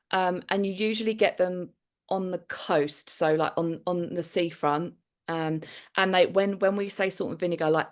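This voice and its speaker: Chatty London woman, lowish voice. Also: gravelly. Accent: British, London. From United Kingdom. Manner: chatty, laughs often, filler-heavy. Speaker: guest, TV producer. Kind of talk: casual interview chat.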